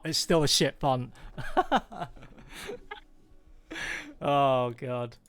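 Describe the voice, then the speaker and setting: A man's voice: medium pitch, very slow, pauses often, fairly bright tone, clear, resonant tone. A British man hosting a live stream, chatting casually and animatedly, acting out quoted people in raised voices. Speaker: stream host. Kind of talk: casual chat.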